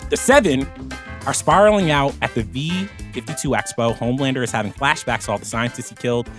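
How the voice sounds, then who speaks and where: A man co-hosting a podcast, eager and excitable in chat, reading an episode recap. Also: mid-range voice, a little fast, soft background music. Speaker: podcast co-host.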